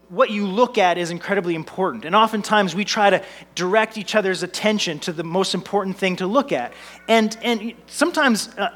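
A man in his thirties preaching from the pulpit with a notably high-pitched voice. He builds his points through repeated phrases and lightens the message with family anecdotes, staying earnest throughout. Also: fairly bright tone. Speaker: pastor. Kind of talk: sermon.

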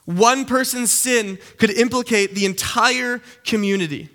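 Bright, high-voiced young male preacher. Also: a little slow. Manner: animated, conversational, keeps checking in with "okay?". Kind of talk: casual teaching sermon.

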